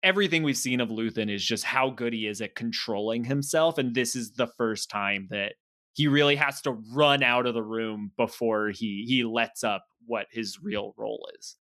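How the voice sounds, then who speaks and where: A man's voice: medium pitch, normal speed, pushed and bright, dry recording, clean studio sound. A man co-hosting a podcast, talking through ideas thoughtfully and analytically in a casual chat. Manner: thoughtful, analytical, laughs easily. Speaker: podcast co-host.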